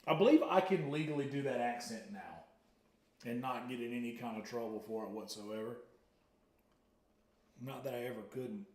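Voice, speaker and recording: A man hosting a casual cooking livestream from his home kitchen, excitable and boastful, exclaiming loudly about his own food. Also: mid-range voice, moderate pace, long pauses, reverberant. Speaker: livestream host.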